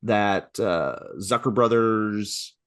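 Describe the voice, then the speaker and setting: A man co-hosting a podcast, chatting in a relaxed, joking way and reacting with quick asides. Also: lowish voice, clean tone, no room sound, clean studio sound. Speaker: podcast co-host. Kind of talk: casual podcast chat.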